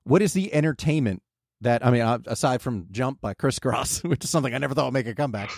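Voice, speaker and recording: Animated man who imitates people. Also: mid-range voice, fast, creaky, no room sound, clean studio sound. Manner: animated, does impressions. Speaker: podcast co-host. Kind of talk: casual chat.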